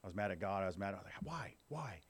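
A man's voice: low voice, flat delivery, rapid-fire. A man in his fifties giving a candid personal recovery testimony to a group, talking conversationally and checking in with his listeners. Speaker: speaker at a recovery meeting.

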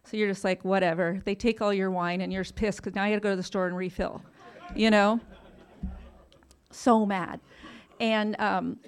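A woman's voice: medium pitch, fairly even intonation, moderate pace, pauses often, smooth. A woman frankly telling her own recovery story, self-deprecating and casually swearing, laughing through painful memories. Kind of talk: candid personal storytelling.

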